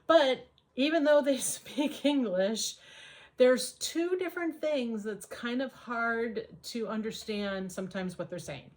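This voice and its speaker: A woman's voice: fairly high pitch, slow. An American woman giving casual advice in a vlog, chatty and full of ums and uhs. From United States. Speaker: vlogger.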